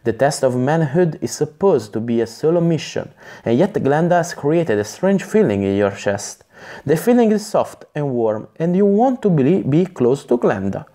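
A man reading an English gamebook on a live stream, in a halting way with chatty asides and self-corrections. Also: a little high, sing-song, mellow. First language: Italian.

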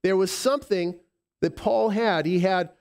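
A male pastor with a lisp preaches in a fairly high voice. He is heartfelt and halting, often restarting his sentences. He drops to soft, tender passages and then rises into firm declarations. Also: smooth. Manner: emotional, halting with repeated restarts, swinging from soft to emphatic. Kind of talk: sermon.

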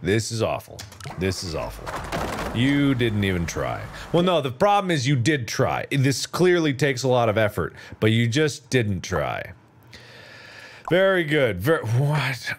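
A man's voice: mid-range voice, wildly swooping pitch, slow pace. A man giving live gameplay commentary as a streamer, playful and sarcastic, teasing with mock outrage and laughing often.

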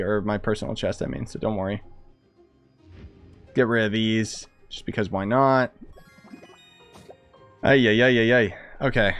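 A young man commenting casually while streaming a game, excitable and chatty, thinking aloud as he plays. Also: mid-range voice, smooth. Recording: dry close sound with faint music.

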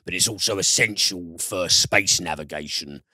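A man's voice: deep voice, moderate pace, sharp tone, no echo, studio quality. A British man reviewing films on a podcast in casual chat, enthusiastic and swearing freely. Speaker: film reviewer.

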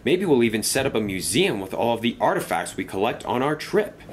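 A man's voice: medium pitch, sing-song, brisk, slight background noise, voice pushed up, lightly acted. A man voicing a genteel male duke who speaks formally and politely.

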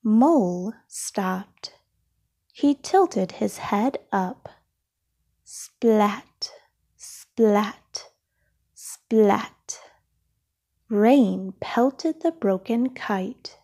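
A woman reading a children's picture book aloud, slowly and expressively, whispering the sound effects. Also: medium pitch, lively intonation, dark tone, slightly rough. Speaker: storybook reader. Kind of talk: children's read-aloud narration.

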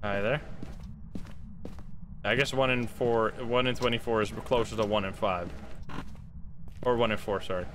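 A man's voice: lowish voice, fairly even intonation, moderate pace, long pauses, a bit bright, a little hiss or hum. A man streaming gameplay live, talking to his chat, swearing and laughing at his own bad luck. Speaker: streamer playing a ghost-hunting game.

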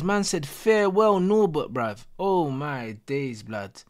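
A young man, reacting live to a football match as a streamer, excitable and full of slang. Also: fairly high pitch, takes it slowly. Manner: excitable, slangy, repeating exclamations. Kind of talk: live watch-along reaction.

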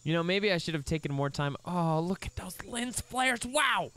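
A young man giving casual let's play commentary, excitable, breaking into squeaky high exclamations. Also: normal speed, clean tone.

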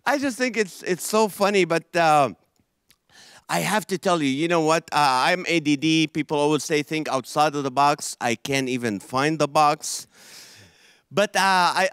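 Guy from israel doing stand-up, kinda high voice, dead dry sound. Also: clear, resonant tone, dry recording. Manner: animated joke delivery with quick quoted voices. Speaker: stand-up comedian. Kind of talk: stand-up comedy routine.

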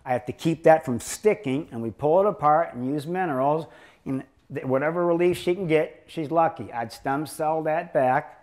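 A man's voice: fairly high pitch, normal speed, darkish tone. A man giving a lecture to an audience as a doctor, telling patient stories in a rambling, joking way. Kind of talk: anecdotal lecture to a live audience.

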